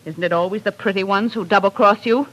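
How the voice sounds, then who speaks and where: A woman's voice: medium pitch, quick pace, a bit bright, natural voice, poor audio. An actress playing a cold, manipulative female kidnapper, in 1940s radio acting. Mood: scheming. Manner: cool, manipulative.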